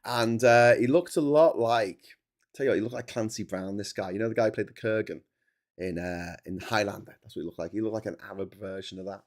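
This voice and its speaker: A man's voice: lowish voice, brisk. A man hosting a livestream, telling a long, rambling travel anecdote in a chatty, digressive way. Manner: chatty storyteller, digressive, stops to chat while eating. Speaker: livestream host.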